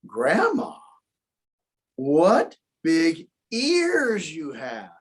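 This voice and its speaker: A man's voice: on the high side, wildly swooping pitch, extremely slow, slightly rough, exaggerated voice. A man voicing a rude, selfish little girl in a spoken story. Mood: singsong.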